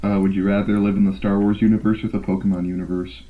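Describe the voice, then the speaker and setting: A young man co-hosting a casual podcast over a call, firing off quick questions and laughing easily. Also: on the low side, level tone. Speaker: podcast co-host asking rapid-fire questions. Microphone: call audio. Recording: dull lo-fi call audio.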